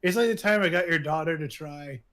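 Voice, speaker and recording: With a voice a little high, a little fast and fairly bright, a man co-hosts a podcast. In casual conversation he recommends shows he likes. He rambles, uses plenty of filler words and laughs often.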